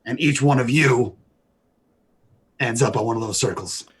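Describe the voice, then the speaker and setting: Man, husky, mid pitch, calm tabletop player. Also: normal speed. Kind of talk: casual tabletop play.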